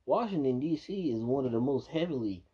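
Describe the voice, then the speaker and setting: A man's voice: medium pitch, animated, fairly quick, warm tone, husky. A man angrily reacting to news clips, swearing and ranting in a dull lo-fi recording. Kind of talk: profane reaction commentary.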